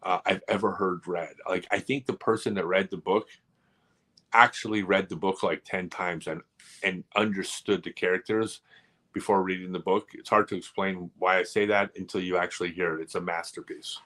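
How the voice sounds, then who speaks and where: A man hosting a casual live stream, telling rambling, animated stories full of asides. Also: low voice, normal speed.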